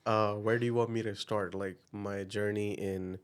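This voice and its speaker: A young man from India with an Indian accent, a podcast guest telling his story in an upbeat, energetic way with plenty of fillers. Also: fairly low pitch, normal speed, clean tone. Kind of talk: casual interview chat.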